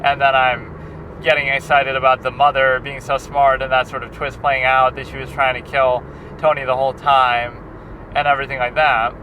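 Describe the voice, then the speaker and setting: A man's voice: medium pitch, flat delivery, moderate pace, bright, forceful tone, slight background noise. A man and film critic chatting in a rambling, casual vlog, often restarting his sentences, recorded on a handheld recorder outdoors. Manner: meandering, many restarts and fillers.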